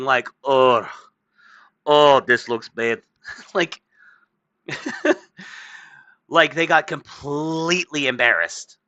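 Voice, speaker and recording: A man's voice: a little high, pushed and bright, dry recording, dull audio. A man hosting a podcast, rambling in casual political chat, swearing and putting on mocking voices. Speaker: podcast host.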